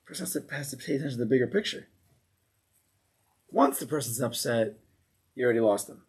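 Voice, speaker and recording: A man teaches an informal Torah class to a small group, animated and acting out angry people as he explains. His voice is medium-pitched, slightly rough, and fairly quick.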